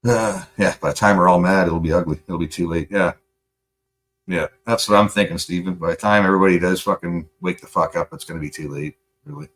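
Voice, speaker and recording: This Canadian streamer, deep-voiced and fairly bright in tone, talks a little fast as he rambles casually and heatedly in reply to chat, with lots of curse words and filler.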